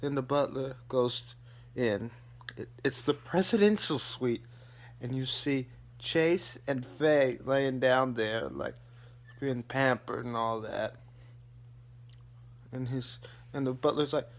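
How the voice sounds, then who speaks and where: A man's voice: mid-range voice, slow, long pauses. A man casually recapping a TV episode as a vlogger, rambling with lots of fillers and restarts.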